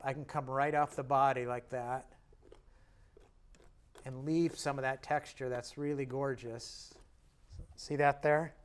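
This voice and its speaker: A man giving a step-by-step painting lesson, admiring and encouraging as he works. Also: a little high. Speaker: painting instructor.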